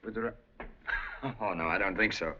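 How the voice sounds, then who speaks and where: A man's voice: lowish voice, moderate pace, background noise, lightly acted. A man playing a broke, charming gambler in a 1930s film, polite, flustered and wryly evasive. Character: broke charming young American gambler, cornered but polite. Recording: dull old film soundtrack.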